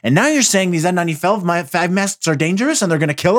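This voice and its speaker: A man's voice: high-pitched, fast talker, hardly any pauses, dry recording, clean studio sound. A man hosting a casual solo podcast, ranting about the news with heavy profanity and rambling restarts. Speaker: podcast host.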